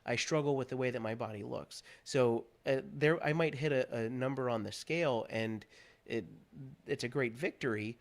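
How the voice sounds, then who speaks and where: A man's voice: medium pitch, moderate pace. Earnest man sharing his story. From Pennsylvania. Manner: earnest, candid, animated when moved. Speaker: guest. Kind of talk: personal story in a talk show interview.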